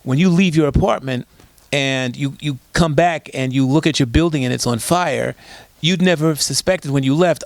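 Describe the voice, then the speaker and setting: Gravelly guy on an interview, pushy rhetorical questions, dry close sound. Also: fairly high pitch, normal speed, dry recording. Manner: emphatic storyteller, rhetorical questions. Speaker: guest, disaster preparedness expert. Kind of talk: conversational interview.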